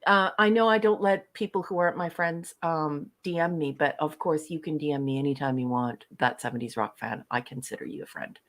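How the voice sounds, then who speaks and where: A woman's voice: deep voice, a little fast, few pauses. A woman from western Canada co-hosting a live fan show, chatting playfully and affectionately with viewers and reading their messages aloud. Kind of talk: casual live-stream chat.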